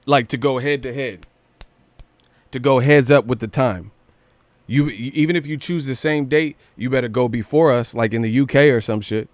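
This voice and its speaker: A man hosting a boxing news livestream, ranting casually with profanity and rapid rhetorical questions. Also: medium pitch, no room sound.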